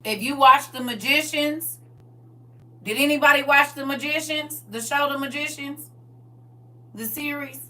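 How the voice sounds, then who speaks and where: A woman's voice: high-pitched, a little slow, pauses often, sharp tone, slight background noise. A woman preaching a conversational sermon, often asking the congregation questions and waiting for their answers. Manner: conversational, call-and-response with congregation. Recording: voice from far off the mic.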